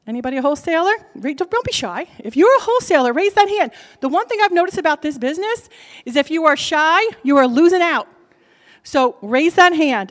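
A woman with a New Jersey accent, a lender giving a lively, direct seminar talk to a convention crowd and checking in with the audience as she goes. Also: sits high, big-room sound. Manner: brassy, direct, keeps checking in with "okay?". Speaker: lender speaking at a real estate convention. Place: large convention hall.

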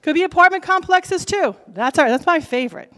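Brassy New Jersey woman, high voice. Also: lively intonation, brisk, a bit bright, long reverb tail. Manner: brassy, direct, keeps checking in with "okay?". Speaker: lender speaking at a real estate convention. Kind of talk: lively seminar talk to a live audience. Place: large convention hall.

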